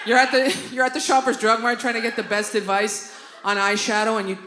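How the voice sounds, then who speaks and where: A woman's voice: a little high, a little fast. A woman performs a stand-up set live in a theatre, brash and profane, jumping into quoted voices as she tells her stories. The room is roomy and echoey, and a busy audience hum sits under her voice. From Canada. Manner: brash, profane, animated storytelling with acted-out quotes. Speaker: stand-up comedian.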